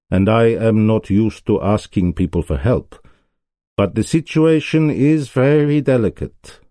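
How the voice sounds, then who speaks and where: A proud, anxious king in disguise, voiced by a man reading a storybook, speaking formally and urgently. The voice sits a little higher than the reader's own, yet stays low, mellow and dry. Formal phrasing carries an undercurrent of urgency. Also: dry recording, natural voice. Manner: formal, urgent, flustered when exposed.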